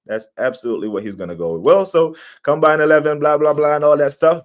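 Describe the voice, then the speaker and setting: A young man hosting a casual football livestream, opinionated and animated, reacting to chat. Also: on the high side, quick pace, few pauses. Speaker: football podcast host.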